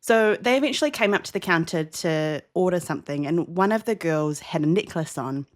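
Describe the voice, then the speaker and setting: A young woman from New Zealand with a New Zealand accent, co-hosting a podcast and telling a lively story in casual chat, jumping higher when she acts out dialogue. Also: fairly quick. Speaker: podcast co-host.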